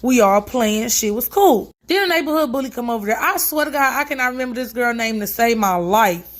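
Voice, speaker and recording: A woman telling a story from her childhood in a casual, slangy, profane, animated way. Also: fairly high pitch, brisk, no room sound.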